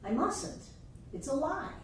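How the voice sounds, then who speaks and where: A woman teaching a spiritual class to a live group, playful and animated, often acting out the voices people use on themselves. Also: high voice, slow pace. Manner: playful, acts out quoted inner voices, laughs often. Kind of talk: class lecture. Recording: echoey room from far off, faint noise.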